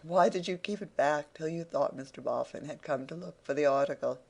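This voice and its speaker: A sly, pompous schemer full of florid flourishes, as an audiobook narrator puts him on. The voice sits slightly high and grinds with a gravelly edge as he leans hard on his words. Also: fairly quick. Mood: affable, scheming. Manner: florid, ingratiating, theatrical emphasis. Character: pompous, wheedling older man, sly ballad-seller. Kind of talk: audiobook character reading.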